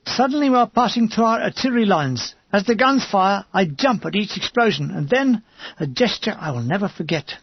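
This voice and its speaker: Male audiobook reader, measured memoir tone, husky voice, dry and slightly dull recording. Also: sits high, expressive, no echo. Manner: measured, understated first-person reading.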